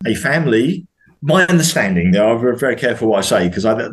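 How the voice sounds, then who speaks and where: British guy on a podcast, pitch jumps all over, lots of restarts, gets worked up. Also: quick pace. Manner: animated, hesitant restarts, rises sharply when indignant. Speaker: podcast guest. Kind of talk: casual conversation.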